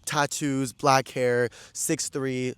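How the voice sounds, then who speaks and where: A man's voice: medium pitch, flat delivery, very slow, a bit bright, clear, resonant tone, no room sound. A young man in his twenties hosting a podcast, telling a story in casual, slangy chat full of "like.". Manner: chatty, slangy, peppered with "like". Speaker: podcast host.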